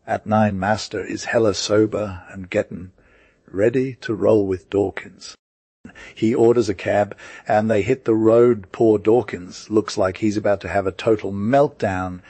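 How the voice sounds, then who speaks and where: Husky low-voiced male storyteller. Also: darkish tone, no echo. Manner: casual, slang-heavy storytelling. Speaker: narrator. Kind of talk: slangy retelling of a classic story.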